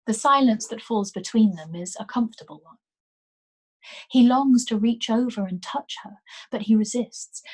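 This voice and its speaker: A woman reading a novel aloud as a storyteller, in a gentle, unhurried way, at home. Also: mid-range voice, slightly rough. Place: home, during lockdown.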